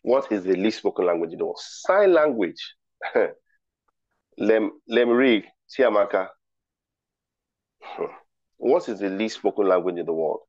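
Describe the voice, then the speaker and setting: A man's voice: lowish voice, expressive, a little slow, pauses often, darkish tone, dry recording. A man hosting a virtual ceremony, running a riddle quiz in a playful, teasing way and reading out chat replies. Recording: dry, dull lo-fi call audio.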